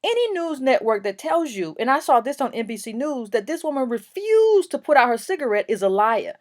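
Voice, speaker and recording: A woman with a fairly high voice delivers opinion commentary for her own vlog. She speaks emphatically and with indignation, stumbling into fillers and restarts as she pushes her point. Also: big pitch swings, fairly quick, darkish tone.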